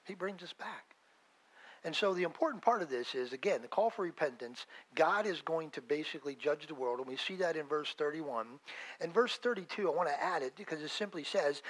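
Male pastor, middle-aged, fervent sermon delivery, voice sits a bit high, rises and drops sharply in volume. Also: lively intonation, normal speed, rough recording. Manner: emphatic preaching, swinging between loud and hushed.

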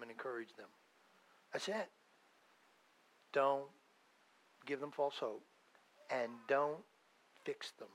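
A pastor preaches a sermon emphatically in a fairly high voice. His style is conversational, swinging between loud emphasis and quiet asides.

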